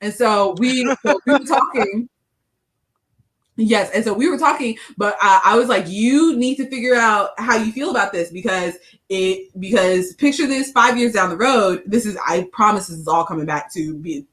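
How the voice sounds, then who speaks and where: A woman's voice: mid-range voice, moderate pace, a bit bright, low-quality recording. A woman in her thirties, co-hosting a casual podcast chat and telling a long story, acting out the quoted dialogue. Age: 30s. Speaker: podcast co-host.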